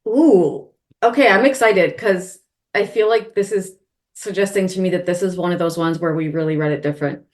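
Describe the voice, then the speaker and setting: A woman's voice: fairly low pitch, normal speed. A woman co-hosting a podcast in casual chat, earnest and chatty, thinking aloud as she goes. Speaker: podcast co-host.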